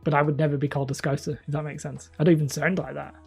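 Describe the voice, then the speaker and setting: A man's voice: fairly high pitch, level tone, racing, creaky, slightly rough, faint music behind. A man from northern England chatting casually with viewers as a hobby channel host, mumbly and a little whiny, rambling and self-mocking. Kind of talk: casual live-stream chat.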